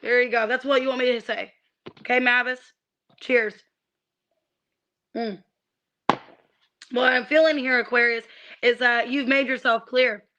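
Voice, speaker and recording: Woman tarot reader, high tense voice, irritated ranting, swears, stumbles on restarts. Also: steady tone, a little slow, long pauses, sharp tone, highs cut off, a little hiss or hum. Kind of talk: livestreamed tarot reading.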